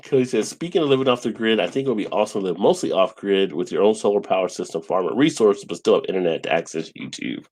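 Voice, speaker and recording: A low-pitched man hosts a casual live stream chat. He reads viewer comments aloud and laughs easily with his guests. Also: animated, quick pace, hardly any pauses, darkish tone, breathy edge.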